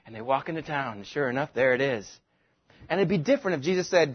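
A man preaching with a high voice that has a husky edge, animated and quick to act out the people in his stories. The recording sounds dull and lo-fi. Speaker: pastor. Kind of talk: sermon with comic retelling.

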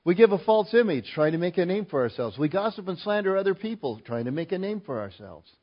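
A male pastor preaching a sermon, emphatic and rising loud on key points. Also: high voice, big pitch swings, fast, muffled recording.

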